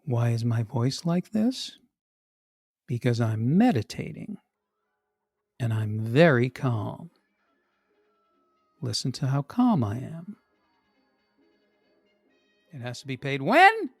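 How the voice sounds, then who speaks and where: A man acting out a comedy sketch as a man who forces himself to sound calm during a phone call about an overdue bill. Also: mid-range voice, dry recording, exaggerated voice. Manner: hushed, breathy, deliberately slow.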